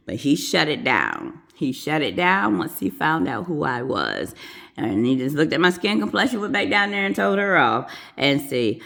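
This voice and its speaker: Nurse, woman, storyteller vlog; deep gravelly voice, swings widely when quoting people. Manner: animated, acts out quoted voices. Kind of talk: casual storytelling to camera.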